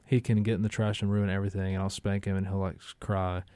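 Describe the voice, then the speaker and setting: A man's voice: low voice, little pitch movement, fast, dark tone, clear, resonant tone, dry recording. A man, a chef and restaurant owner, chatting casually as a guest in rambling, laid-back stories. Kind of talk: casual conversation.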